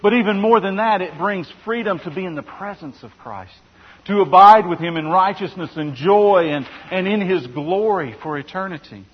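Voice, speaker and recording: A man's voice: high voice, animated, moderate pace, husky. A male pastor preaching a sermon in an earnest way, often restarting phrases and asking rhetorical questions. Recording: dull sound with long hall reverb.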